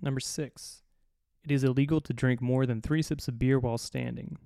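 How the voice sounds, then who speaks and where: A man's voice: medium pitch, fairly even intonation, moderate pace, gravelly, dark tone, smooth, no echo, studio quality. A man hosting a solo comedy podcast, reading out a list of odd laws with sarcastic, profane, exasperated asides. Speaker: podcast host.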